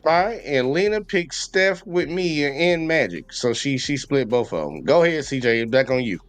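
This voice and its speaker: A man's voice: mid-range voice, expressive, moderate pace, clear, resonant tone, no room sound, faint music behind. A man co-hosting a casual sports debate. He is talkative, pushes hard on the rules, and swears casually. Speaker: podcast co-host.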